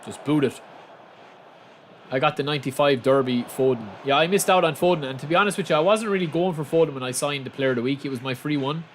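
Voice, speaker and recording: A man with an Irish accent from the south of Ireland, casually commentating a football game on stream and chatting with viewers, breaking into excited shouts. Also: a little high, fast talker, slight background noise.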